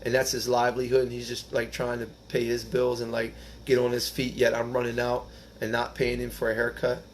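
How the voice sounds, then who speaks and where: A man's voice: medium pitch, monotone, a little hiss or hum. Earnest man sharing recovery story. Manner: earnest, halting, rises when reading the text aloud. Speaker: recovery group speaker. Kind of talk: personal testimony.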